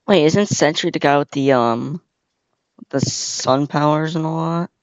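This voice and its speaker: A man's voice: fairly high pitch, unhurried, clear, resonant tone, no echo. A young man hosting a casual reaction video, rambling with lots of fillers and slang. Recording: dull, lo-fi, dry sound.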